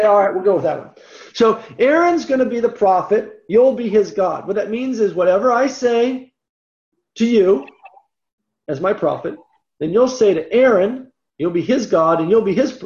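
A patient, merciful God who talks a reluctant man round in an easygoing, coaxing way, as a man puts him on. The voice is high with gravelly fry and echoes in a room on a dull recording. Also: animated, normal speed, a little mellow. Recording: roomy echo, dull lo-fi sound.

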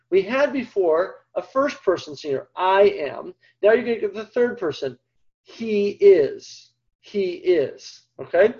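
High-voiced emphatic male Bible teacher. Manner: emphatic, swings between loud and hushed; reads scripture aloud with stress on key words. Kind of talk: lecture on scripture. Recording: dull lo-fi recording.

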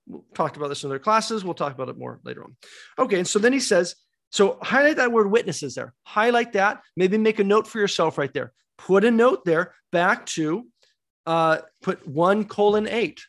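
A man's voice: high voice, expressive, moderate pace, gravelly, fairly bright tone. A man teaching a Bible study class, emphatic, asking rhetorical questions and repeating key words.

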